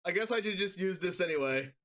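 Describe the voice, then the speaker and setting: A man streaming a card game, reacting excitably, often shouting and laughing as he plays. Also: high voice, quick pace. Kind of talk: live gameplay commentary.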